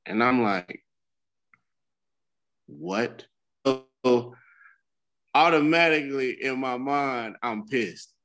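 A middle-aged man co-hosting a casual podcast, his voice sitting at an ordinary middle pitch. He talks candidly and cusses freely while he tells a story, his speech loose and unscripted. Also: takes it slowly, fairly bright tone, low-quality recording. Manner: candid, profane storytelling with bursts of laughter. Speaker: podcast co-host. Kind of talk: casual chat.

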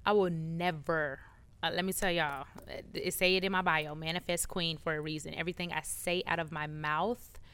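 A woman guest in a casual interview, telling animated stories and acting out what people said. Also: low-pitched, moderate pace, clear, resonant tone. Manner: animated storyteller, acts out quotes.

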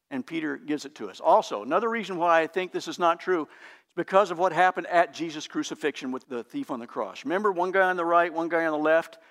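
Guy with a high voice preaching, earnest and emphatic, kind of teacherly. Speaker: pastor. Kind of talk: sermon.

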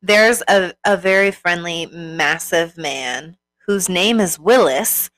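A woman co-hosting a podcast in casual chat, telling a story in an animated, dramatic way. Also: fairly low pitch, takes it slowly, rough recording. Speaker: podcast co-host.

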